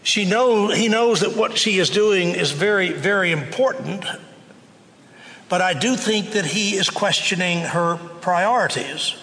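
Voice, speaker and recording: A man preaching a sermon, telling the story in a slow, conversational way. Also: sits high, animated, pushed and bright, long reverb tail.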